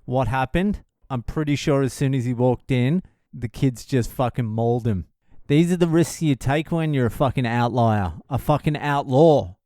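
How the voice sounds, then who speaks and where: Man, comedian podcast host, profane comic storytelling, blunt, laughs at own jokes, smooth resonant voice, dry close recording. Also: mid-range voice, moderate pace, mellow, no echo. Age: adult father of a young child.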